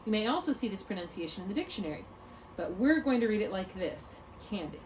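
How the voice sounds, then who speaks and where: A woman's voice: medium pitch, animated, fast, a little mellow. Patient woman tutoring phonics. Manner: patient, self-correcting, explains step by step. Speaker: reading tutor. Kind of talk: one-on-one phonics lesson. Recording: distant mic with faint room noise.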